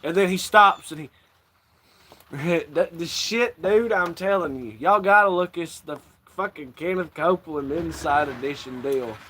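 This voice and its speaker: A man's voice: fairly high pitch, measured pace, pushed and bright, a little hiss or hum. A man hosting a casual livestream, rambling and swearing freely and laughing often. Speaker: livestream host.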